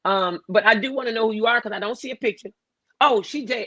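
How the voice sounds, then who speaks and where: Animated woman hosting a livestream. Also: a little high, fast, no echo, poor audio. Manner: animated, playful, preachy. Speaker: livestream host. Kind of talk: casual livestream chat.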